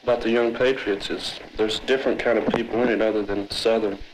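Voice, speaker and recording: A man's voice: fairly low pitch, steady tone, a little fast, a little hiss or hum, poor audio. A man explaining steadily in a group discussion about his organization. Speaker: member of a street organization.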